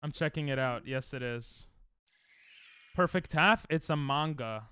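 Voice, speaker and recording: A man's voice: medium pitch, a little slow, bright, forceful tone, clear, resonant tone. A young man streaming a game live at home into a desk mic, joking crudely and sarcastically with chat and snapping at the game in frustrated outbursts.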